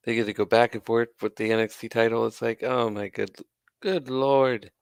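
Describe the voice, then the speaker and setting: A man's voice: mid-range voice, fairly even intonation, moderate pace, smooth, dry recording, clean studio sound. A man hosting his own channel, ranting with sarcasm and exasperation and swearing now and then. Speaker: wrestling commentary channel host. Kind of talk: ranting commentary to camera.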